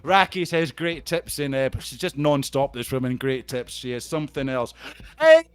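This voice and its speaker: A man's voice: mid-range voice, fairly even intonation, moderate pace, clean tone. A middle-aged man with a Scottish accent hosting a live stream on a video call. He banters casually and reads out viewer comments, swearing freely.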